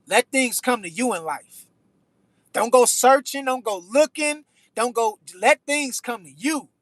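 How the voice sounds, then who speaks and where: High, bright-voiced man giving slangy advice. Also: a little slow, dry recording. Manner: slangy, preachy life advice, repeats phrases. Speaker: livestream host reading chat. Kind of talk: casual chat.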